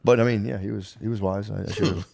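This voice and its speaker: Low-voiced man in casual podcast banter. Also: fairly even intonation, fast talker, gravelly, darkish tone. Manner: loose, laughing storytelling with put-on quotes. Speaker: podcast co-host. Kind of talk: casual chat.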